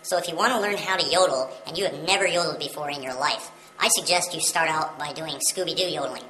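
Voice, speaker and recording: A woman's voice: deep voice, fast talker, bright, forceful tone, slight background noise. A woman giving a casual video lesson on yodeling, explaining step by step in a friendly, plain way. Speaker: yodeling teacher. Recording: roomy echo with music behind.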